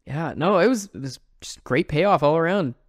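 A man co-hosts a podcast, chatting casually in an upbeat, animated way and laughing often. His voice is on the high side at a moderate pace, recorded cleanly in a studio with no room sound.

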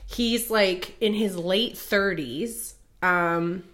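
A young adult woman in a relaxed podcast chat, rambling through a story full of "like" and "um". Her voice sits at a mid, ordinary pitch, and her tone is conversational and easygoing. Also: drawn-out words, slight background noise. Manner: rambling plot retelling, many fillers. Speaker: podcast co-host. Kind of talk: casual book chat.

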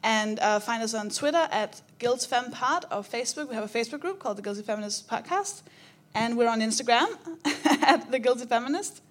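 A woman co-hosting a live comedy podcast, firing off playful, quick retorts. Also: a little high, animated. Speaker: co-host. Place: theatre stage with audience.

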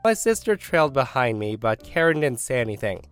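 A man reading a first-person online story aloud, with wry, animated storytelling. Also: medium pitch, fairly quick, clear, resonant tone, faint music behind. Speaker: story narrator.

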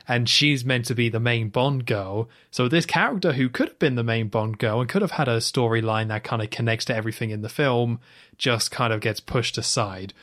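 A man co-hosting a film podcast in casual chat, animated and rambling, with lots of "like"s. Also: medium pitch, brisk. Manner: animated, talks in long run-on stretches with many "like"s. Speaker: podcast co-host.

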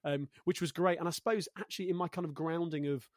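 A man's voice: fairly high pitch, fairly even intonation, fast, a little mellow, dry recording. Chatty man from Coventry, dry sound. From Coventry, England. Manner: thoughtful, searching for words, self-deprecating humor. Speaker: guest. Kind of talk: casual conversational interview.

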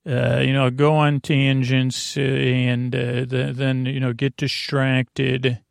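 A man hosting a bedtime podcast, talking slowly in a meandering way with lots of filler words and tangents. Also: medium pitch, flat delivery, no room sound, studio quality. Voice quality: creaky. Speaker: podcast host. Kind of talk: rambling bedtime talk.

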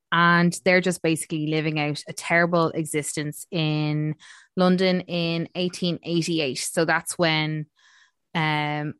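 A woman's voice: low voice, a bit bright, clear, resonant tone, no room sound, clean studio sound. A woman co-hosting a casual film review chat, rambling with lots of fillers. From Ireland. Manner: chatty, rambling with many fillers.

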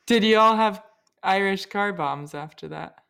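Slow-talking teasing woman. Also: medium pitch, vocal fry, fairly bright tone, smooth. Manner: teasing, unhurried. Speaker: podcast co-host. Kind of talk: casual chat.

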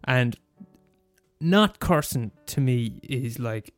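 A man's voice: mid-range voice, takes it slowly, dry recording, soft background music. A young man in his twenties with an Irish accent, ranting casually and cursing freely. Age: 20s. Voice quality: sweary, animated rant. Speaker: student radio host. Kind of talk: casual monologue.

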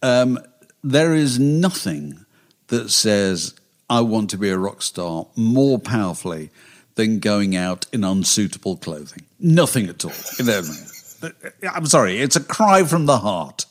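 A man's voice: on the low side, sing-song, measured pace. An older man co-hosting a podcast, talking in a wry, emphatic way and chuckling often. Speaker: podcast co-host. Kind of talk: casual chat.

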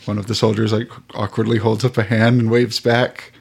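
A man narrating as game master of a tabletop game, relaxed and hesitant with many fillers. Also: lowish voice, a little fast, gravelly, husky.

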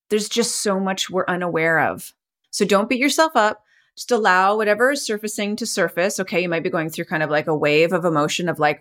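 A woman's voice: medium pitch, normal speed, a bit bright. A middle-aged woman hosting a podcast, guiding listeners through a self-help exercise in an encouraging, conversational way and laughing often. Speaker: podcast host and coach.

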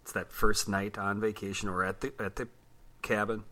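A man co-hosting a casual podcast, telling animated stories, swearing freely and laughing often. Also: lowish voice, normal speed. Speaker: podcast co-host.

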